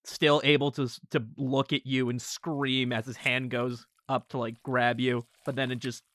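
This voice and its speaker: A man's voice: medium pitch, little pitch movement, normal speed, a bit bright, no room sound. A man narrating a tabletop role-playing game as game master, casual, with frequent laughter and fillers.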